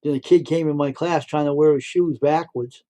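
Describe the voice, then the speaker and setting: A man's voice: a little high, steady tone, moderate pace, dark tone, low-quality recording. Rambling man telling stories on a livestream. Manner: rambling, repeats himself. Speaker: livestream host. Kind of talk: casual storytelling.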